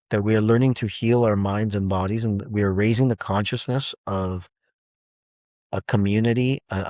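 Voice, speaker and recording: A man in his forties giving a rambling, animated motivational talk as a self-help speaker, with many restarts. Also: on the low side, no room sound, clean studio sound. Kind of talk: motivational monologue.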